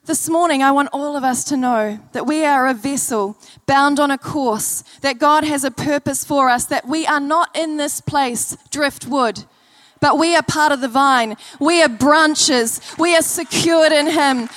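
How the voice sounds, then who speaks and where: High-voiced woman preaching a sermon. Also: a little slow, few pauses, a bit bright. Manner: earnest, storytelling, repeats key phrases. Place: church service.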